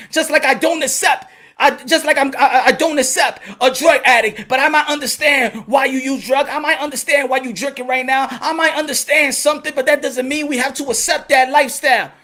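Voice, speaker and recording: A man hosting a boxing channel, giving an impassioned to-camera monologue in blunt street slang, fervent and preachy, often breaking into shouts. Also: very high voice.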